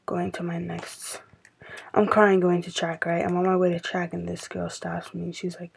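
A woman's voice: on the low side, little pitch movement, moderate pace, vocal fry, slight background noise, rough recording. A woman hosting a casual confessional podcast, rambling with lots of filler words and sometimes dropping almost to a whisper. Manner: rambling, heavy use of "like" fillers; drops to a near-whisper at times. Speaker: podcast host.

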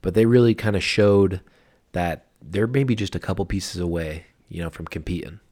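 A man's voice: low-pitched, normal speed, darkish tone. A man co-hosting a podcast, chatting casually about college football in a laid-back way, hedging with lots of fillers. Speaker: podcast co-host. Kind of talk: casual sports chat.

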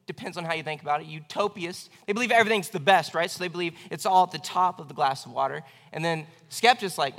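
A man's voice: high voice, bright, forceful tone, in a large hall. A man preaching a sermon as pastor, earnest and conversational, often restarting his phrases.

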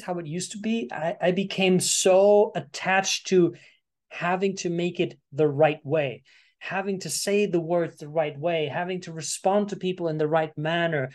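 Male interview host, animated and expressive, fairly high pitch, casual conversation. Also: moderate pace. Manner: expressive, animated, acts out inner voices. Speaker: podcast host.

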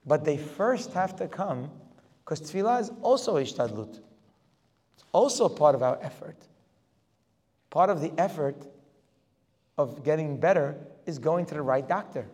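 A man giving a religious lecture as a Torah teacher, firing off rhetorical questions and building to forceful emphasis. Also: on the high side, expressive, a little slow, pauses often, breathy edge. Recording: long hall reverb.

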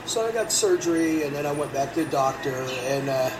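A middle-aged man rambles through a crude story with plenty of swearing, his voice sitting a little high. He sounds set back from the mic, with steady noise underneath. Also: brisk. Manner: rambling, profane, animated when quoting. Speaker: podcast host. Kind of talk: casual storytelling. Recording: distant mic with background noise.

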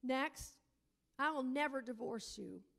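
Bright, slow-preaching high-voiced woman. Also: creaky. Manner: emphatic preaching, rising to near-shouting; drawn-out, slow emphasis on key words. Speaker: prayer teacher. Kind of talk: sermon.

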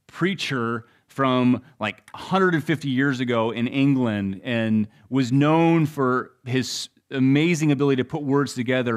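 Pastor, young adult male, medium voice, storytelling sermon with dynamic delivery. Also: medium pitch. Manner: storytelling, swings between loud and hushed.

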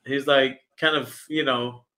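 A man's voice: mid-range voice, fairly even intonation, a little slow, bright, forceful tone. A man co-hosting a casual podcast, laid-back and full of fillers as he lists his picks. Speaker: podcast co-host. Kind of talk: casual chat.

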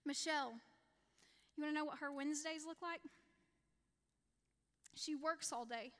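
At a women's evening in a church hall, the recording reverberant, a ministry leader in her thirties shares her testimony earnestly. Her high, fairly bright voice moves at a measured pace, and she acts out her prayers while repeating important lines for emphasis.

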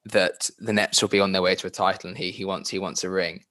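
A man's voice: low-pitched, little pitch movement, fast talker, fairly bright tone. A man co-hosting a casual sports podcast, teasing his co-hosts and prompting them with questions. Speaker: podcast co-host.

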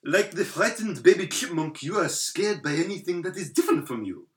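Sneering taunter, mock-grand and a touch higher than his own voice, as a man puts it on, in a roomy echoing space. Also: expressive, a little fast. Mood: taunting. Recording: roomy echo.

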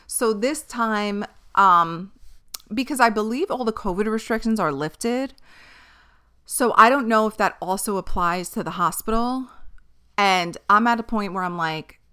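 Bright, clear-voiced candid woman. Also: medium pitch, a little slow. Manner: candid and profane, emphatic with lots of fillers. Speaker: podcast host. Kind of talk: casual podcast monologue.

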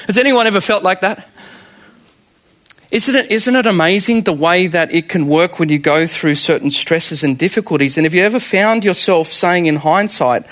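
A man in his thirties with an Australian accent, preaching a sermon in an animated way and asking the congregation questions. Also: sits high, moderate pace. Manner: animated, asks the congregation rhetorical questions, laughs often. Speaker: pastor.

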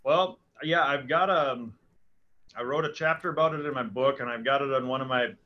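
A middle-aged man, a podcast guest, telling a story in a lively, animated way with quick restarts. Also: mid-range voice, lo-fi sound. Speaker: guest, hunting guide and speaker. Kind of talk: casual storytelling.

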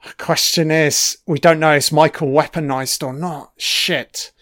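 A man's voice: a little high, steady tone, measured pace, fairly bright tone, no echo, clean studio sound. A man giving a casual, profane commentary on a film, swearing constantly and cheering at the screen.

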